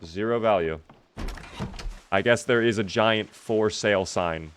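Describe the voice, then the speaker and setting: A young man unhurriedly answers viewer questions he reads aloud while streaming a zombie survival game, keeping the talk casual. His voice is lowish, and there's slight background noise.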